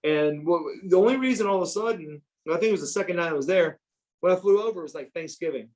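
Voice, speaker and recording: On a podcast, a fifties-aged former pro wrestler from the US rattles off lively, foul-mouthed anecdotes at a quick pace, tripping over words and starting again. His pitch runs a little above the male norm, and the recording is rough.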